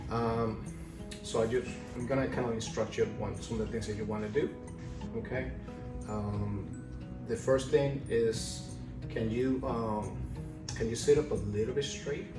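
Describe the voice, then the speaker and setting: A man, an occupational therapy student, gently instructing a patient and checking in often with "okay?". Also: on the low side. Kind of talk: clinical role-play with a patient. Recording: echoey room, mic far off, loud guitar music.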